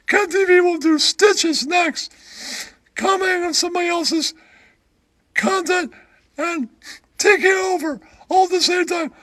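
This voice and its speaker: A man voicing a giggling, shrill-voiced male comic who emcees and cackles between lines. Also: bright, forceful tone, no room sound, exaggerated voice.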